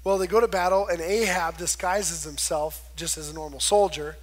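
A man's voice: a little high, moderate pace. A man preaching a conversational sermon, retelling scripture and acting out the quoted voices. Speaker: pastor.

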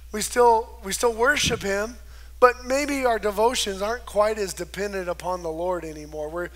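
Guy preaching, fairly high voice, chatty, acts out the people in the story. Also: a bit bright. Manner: conversational preaching with restarts, acts out quoted voices. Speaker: pastor. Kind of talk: sermon.

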